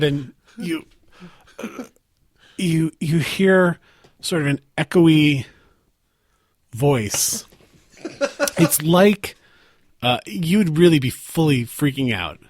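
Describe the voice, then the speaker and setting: A man running a tabletop role-play as game master, his voice rising and falling widely as he narrates. He talks slowly and haltingly, restarting his sentences, in a dry room. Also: medium pitch, dry recording. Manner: halting, full of fillers and restarts.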